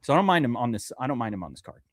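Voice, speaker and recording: Animated, joking fantasy sports guy. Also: medium pitch, rapid-fire, dry recording, clean studio sound. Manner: animated, joking, swears freely. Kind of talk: casual podcast banter.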